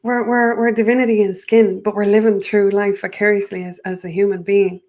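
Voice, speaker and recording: A woman's voice: medium pitch, little pitch movement, fairly quick, a little mellow. A woman, a guest in a casual spiritual chat, who rambles, restarts and repeats her words.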